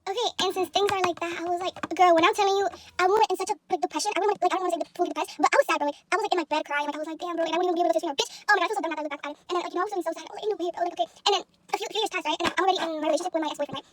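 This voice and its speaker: A young woman tells a storytime into her phone in a very high, very quick voice. She is animated and profane, and she leans hard on fillers. A faint hiss sits under the recording. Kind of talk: casual storytime monologue.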